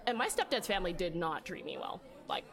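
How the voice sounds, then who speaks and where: A woman's voice: lowish voice, very animated, fairly quick, creaky, faint music behind. A woman hosting a casual podcast chat, candid and talkative, laughing often and swearing now and then. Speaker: podcast host.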